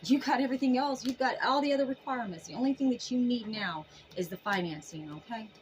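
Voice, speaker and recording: A woman's voice: on the high side, animated, quick pace, soft background music, low-quality recording. A woman giving a casual tarot reading to camera, emphatic and folksy, full of sassy endearments. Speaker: tarot reader.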